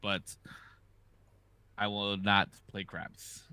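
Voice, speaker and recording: Bright-voiced man telling stories loosely. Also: on the low side, flat delivery, extremely slow, clean tone, no echo. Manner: loose, profane storytelling. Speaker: podcast host. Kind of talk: casual chat.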